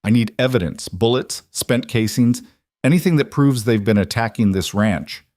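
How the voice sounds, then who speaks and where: A man voicing a steady, determined frontier marshal who speaks in a firm, measured, matter-of-fact way. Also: medium pitch, no room sound, clean studio sound, close to an everyday voice.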